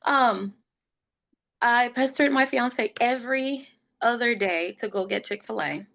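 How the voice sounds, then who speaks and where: Young adult woman, podcast guest; casual, emotional storyteller with a creaky, gravelly tone. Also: on the high side, unhurried, a bit bright. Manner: chatty, fills speech with "like", laughs often; gets emotional and open. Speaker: podcast guest sharing her pregnancy story.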